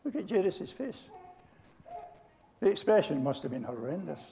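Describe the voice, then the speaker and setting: Preacher with gravelly voice in a reverberant hall. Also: male voice, high-pitched, moderate pace. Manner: storytelling, animated, addresses congregation directly. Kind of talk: sermon.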